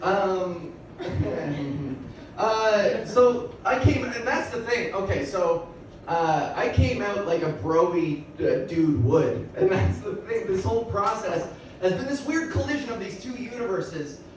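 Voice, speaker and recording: Raspy comedian in an echoey bar. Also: female voice, medium pitch, expressive, slow pace. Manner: loose, rambling and self-deprecating, with frequent laughs. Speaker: stand-up comedian. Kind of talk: stand-up comedy set. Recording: echoey bar miked from far off with room noise.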